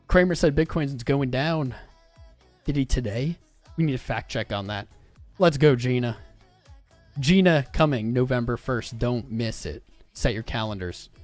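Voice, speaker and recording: A man of middle pitch hosts a live trading stream in an easy, upbeat, chatty way, reacting to charts and reading comments aloud. Faint music plays softly behind his voice. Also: no room sound. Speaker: crypto livestream host.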